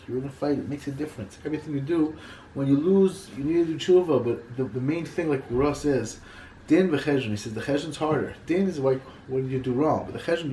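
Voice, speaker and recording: A man giving an informal Torah class, talking in halting bursts that repeat and restart his phrases. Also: mid-range voice, mellow, echoey room, slight background noise, poor audio. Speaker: Torah teacher.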